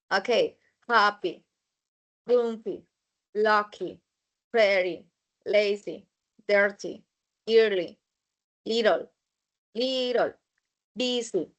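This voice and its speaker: A woman teaching an English grammar lesson in a slow, methodical way, repeating words as she goes. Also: medium pitch, fairly bright tone.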